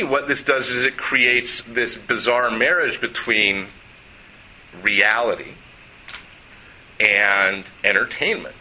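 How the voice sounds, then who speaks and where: A middle-aged man, a writer, telling a personal story in a lively way and acting out the people in it. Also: fairly low pitch, a little hiss or hum, rough recording.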